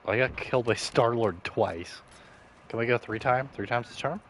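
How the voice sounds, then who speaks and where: A man's voice: medium pitch, normal speed, a bit bright, slight background noise. A young man in casual gaming commentary, rambling and swearing as he jokes to himself. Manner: rambling, profane, joking to himself. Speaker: streamer.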